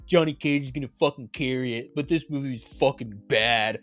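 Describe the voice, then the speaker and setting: A sneering online movie critic voiced by a man drawls his verdict in a low, dismissive tone. The mockery sits in every word, with faint music behind. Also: a little fast, fairly bright tone, close to an everyday voice. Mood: mocking.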